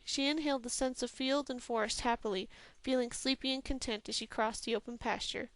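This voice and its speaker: A woman reading a fantasy novel aloud as a steady, even storyteller from a home recording. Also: fairly high pitch, fairly quick, no room sound. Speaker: audiobook reader. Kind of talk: scripted fantasy novel narration.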